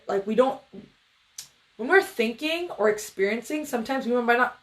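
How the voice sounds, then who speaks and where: A woman meditation coach talks in a relaxed, rambling way to her livestream viewers. Her pitch sits in a middle range, and she leans on fillers and friendly asides. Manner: loose, chatty, filler-heavy, greets viewers. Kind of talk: casual livestream talk.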